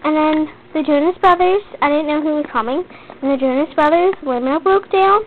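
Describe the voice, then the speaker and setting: A woman's voice: high voice, a little fast. A teenage girl telling a long story in a chatty, rambling way, full of "like.". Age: teens. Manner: chatty, rambling, heavy use of "like". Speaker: vlogger. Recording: tinny lo-fi webcam audio with faint hiss.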